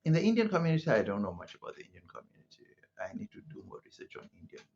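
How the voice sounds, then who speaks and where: A husky-voiced man from South Africa talks through his opinions in a loose, conversational monologue. His pitch swings freely as he thinks aloud and keeps checking in with the listener. The recording sounds muffled and lo-fi. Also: wildly swooping pitch, rapid-fire, a little mellow. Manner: conversational, rhetorical asides, frequent "right?" and "you know". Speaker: commentator. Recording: muffled lo-fi audio.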